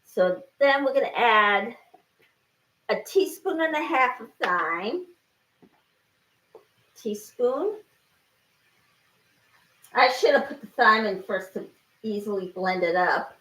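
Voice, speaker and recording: A woman's voice: fairly high pitch, expressive, slow pace, pauses often, reverberant, far from the mic, noisy background. A woman cooking at home, talking herself through each step with lots of exclamations while her eyes water from chopping. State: teary-eyed from chopping. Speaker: home cook. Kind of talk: casual cooking narration. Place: home kitchen.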